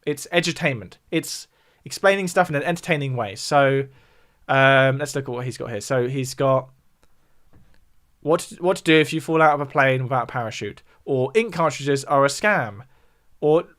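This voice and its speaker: At a normal pace and medium pitch, with a somewhat bright tone, a southern English man hosts his music livestream. He chats and explains in a relaxed way, pausing to respond to viewers' messages, and his accent is southern English.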